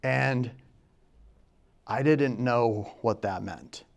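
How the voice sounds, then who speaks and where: A young man telling a personal story, moving from hushed and quiet to loud and excited. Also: mid-range voice, drawn-out words, vocal fry. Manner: quiet and hushed in places, then loud and excited, acting out shouts.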